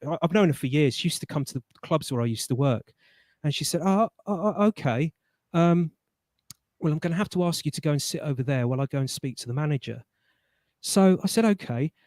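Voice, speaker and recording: A man's voice: high-pitched, no echo. Dry-voiced man, stammering storyteller. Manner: animated, stammering restarts, colloquial. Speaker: guest. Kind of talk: casual storytelling in a live chat.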